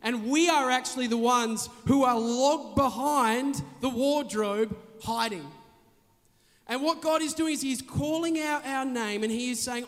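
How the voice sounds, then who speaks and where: A man preaching a sermon, telling a story with animated delivery and shouted calls. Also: very high voice, a little slow. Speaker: pastor. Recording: long hall reverb.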